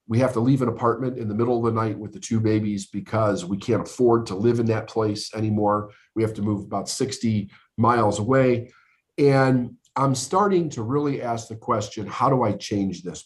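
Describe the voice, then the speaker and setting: Earnest middle-aged man telling his story. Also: on the low side. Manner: earnest, emphatic, repeats words when building up. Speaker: podcast guest, coach. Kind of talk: conversational storytelling.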